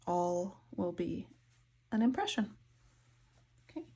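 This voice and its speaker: A soft-spoken woman narrating a painting tutorial, her voice dropping to whispers as she concentrates. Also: mid-range voice, slow, pauses often, breathy edge. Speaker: art instructor.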